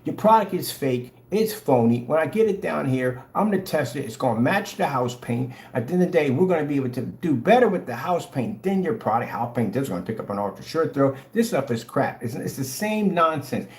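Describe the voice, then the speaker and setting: A man's voice: medium pitch, sing-song, fairly quick, hardly any pauses, darkish tone, echoey room. A man ranting in a mocking, confrontational way, addressing a rival in a vlog. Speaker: vlogger. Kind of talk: ranting commentary.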